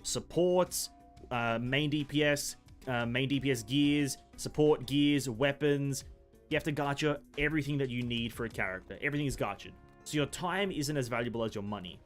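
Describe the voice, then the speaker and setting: A man's voice: mid-range voice, normal speed, faint music behind. A man streaming a game, chatting casually, rambling with frequent restarts and swearing. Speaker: gaming streamer. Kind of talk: casual live-stream commentary.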